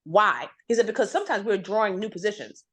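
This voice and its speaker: A woman guest telling a long career story in a conversation, acting out what others said to her with big jumps in pitch. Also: fast, slightly rough. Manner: animated, acts out quoted voices with big pitch jumps.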